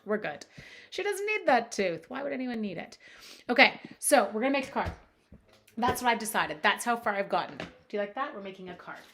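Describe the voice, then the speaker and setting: A woman from Canada leading a live card-making demo, chatting playfully with viewers and thinking out loud as she works. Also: medium pitch, slight background noise. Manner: chatty, playful, reads chat comments aloud, thinks out loud. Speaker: crafting demonstrator. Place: home craft space at a lake cottage at night.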